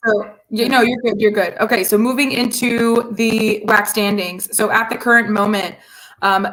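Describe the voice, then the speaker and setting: Woman podcast cohost, chatty and rambly, lots of ums, average pitch. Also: a bit bright. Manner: chatty, rambling with many fillers. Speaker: podcast co-host. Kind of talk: casual sports chat.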